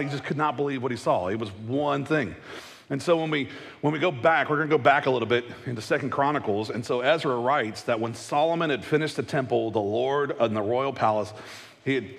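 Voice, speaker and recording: A male pastor giving a casual, conversational sermon, chatty with joking asides and quick acted-out voices. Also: mid-range voice, creaky, fairly bright tone, long reverb tail. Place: church hall.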